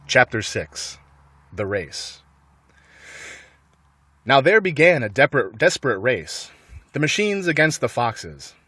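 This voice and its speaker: Man, reading a children's book aloud, animated, lively pitch, dry sound. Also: takes it slowly, long pauses, slightly rough, no room sound. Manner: animated, with light laughs. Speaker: narrator.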